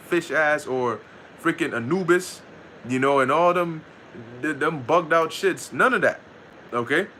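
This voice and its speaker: A man giving a casual scripture lesson, reading verses slowly and commenting in loose, profane talk with frequent laughter. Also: fairly high pitch, sharp tone, a little hiss or hum. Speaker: Bible teacher.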